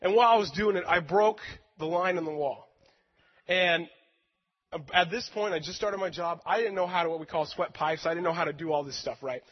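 A man with a high voice preaches and tells a personal story, earnest and emotional, with self-deprecating humor. His words ring out with a long hall echo, and the sound is dull and lo-fi. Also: brisk.

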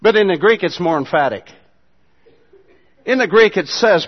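A pastor with a high voice preaches a sermon to his church, shifting from low, quiet asides to loud, emphatic passages with lively intonation at a normal speed. The audio is dull and muffled, with the long reverb of a large hall.

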